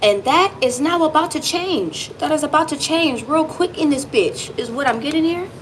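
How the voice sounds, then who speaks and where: Woman doing a tarot reading, kinda high voice, super animated, swears a bit, talks right to you. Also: moderate pace, slight background noise, poor audio. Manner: lively, emphatic, swearing, speaks directly to the viewer. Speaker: tarot reader.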